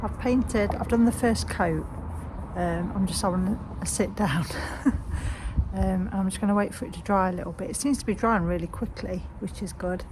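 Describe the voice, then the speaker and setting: Woman chatting away in her courtyard garden, lots of ums, mid-pitched voice, traffic going by. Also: normal speed. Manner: rambling and chatty, with frequent "um" and "sort of". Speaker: vlogger. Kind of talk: casual chatty vlog. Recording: outdoor recording with clear traffic noise. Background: passing road traffic.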